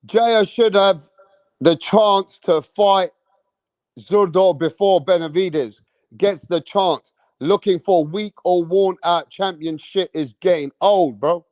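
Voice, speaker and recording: A young man, high-pitched and unhurried, riffs through a boxing live stream in slangy, animated commentary. He talks straight to the chat, and his voice sounds close and dry with no room around it. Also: no echo.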